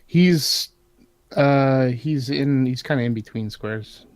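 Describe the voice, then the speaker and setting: Unhurried man running a tabletop game. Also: medium pitch, darkish tone, no echo. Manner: hesitant, many filler words. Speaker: game master.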